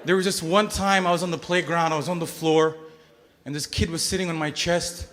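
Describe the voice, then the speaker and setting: A man in his thirties from Bahrain performing a stand-up comedy set, telling stories with sudden loud outbursts and acted-out voices. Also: on the high side, fairly even intonation, brisk, background noise. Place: comedy stage before a live audience.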